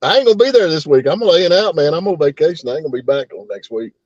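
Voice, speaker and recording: A man's voice: on the high side, animated, fast talker, darkish tone, no room sound. A man with a Southern American accent hosting a casual chat, drawling and playful. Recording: dry, dull lo-fi mic.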